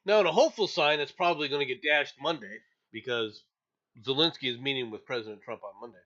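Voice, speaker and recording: A man's voice: medium pitch, quick pace, bright, forceful tone. A man hosting an opinionated news commentary, ranting angrily with profanity and frequent stammered restarts. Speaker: show host. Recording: dull lo-fi audio.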